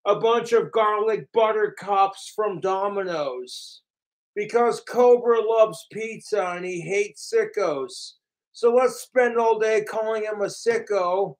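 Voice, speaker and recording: Male livestreamer, high pitched, unhurried delivery; profane, mocking third-person rant aimed at his trolls. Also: low-quality recording. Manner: mimics his trolls in sneering voices. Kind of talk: ranting livestream talk.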